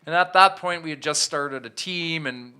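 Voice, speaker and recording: A man in his thirties tells his own story as a podcast guest, candid and reflective, often restarting his sentences. His voice is bright, crisp and smooth. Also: on the high side, moderate pace. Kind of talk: storytelling in an interview.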